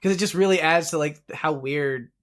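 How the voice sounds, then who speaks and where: A man co-hosting a movie podcast, chatting casually and rambling with lots of fillers and quick laughs. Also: on the high side. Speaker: podcast co-host. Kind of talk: casual movie review chat.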